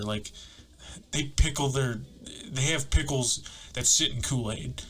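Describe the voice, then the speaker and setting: A man's voice: mid-range voice, a little slow, a bit bright. Laughing, rambling male podcast host. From northern United States. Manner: rambling, laughs often, mock voices. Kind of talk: casual comedic chat.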